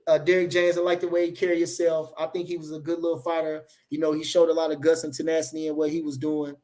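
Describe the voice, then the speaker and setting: A man's voice: a little high, monotone, quick pace, warm tone. Rambling, profane man hyping a fight. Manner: rambling and repetitive, profane hype talk. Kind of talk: casual livestream chat reading comments.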